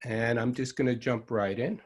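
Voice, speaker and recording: A man's voice: mid-range voice, fairly even intonation, normal speed. Dry sarcastic older man with a Long Island accent. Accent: Long Island New York. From Long Island, New York. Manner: dry, sarcastic, rambling with many ums. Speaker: herbal medicine teacher. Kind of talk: online lecture.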